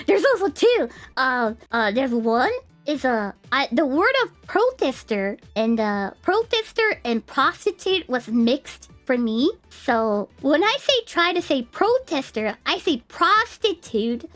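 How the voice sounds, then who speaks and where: A very high, lively woman's voice chatting casually on a stream, English not her first language, words coming out halting and full of fillers. She giggles often as she tells her stories, and soft music plays underneath. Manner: giggly, laughs often while telling stories.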